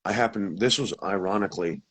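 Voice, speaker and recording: A man who is a guest telling a personal story, animated and acting out the dialogue. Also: deep voice, a little fast, breathy edge.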